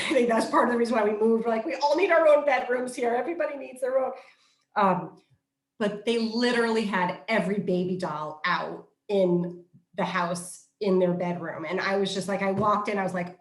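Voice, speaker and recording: Mom, middle-aged, parenting trainer, chatty and animated, kinda echoey room. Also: female voice, mid-range voice. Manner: animated storyteller who acts out quoted voices. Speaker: positive discipline trainer. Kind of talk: casual conversational advice. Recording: roomy echo.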